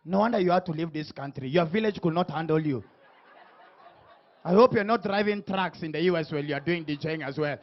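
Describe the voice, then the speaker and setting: High-voiced man hosting comedy. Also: fairly quick, muffled recording. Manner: teasing, punchy, shouts hype lines to the crowd. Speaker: talk show host. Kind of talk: comic stage hosting before a live audience.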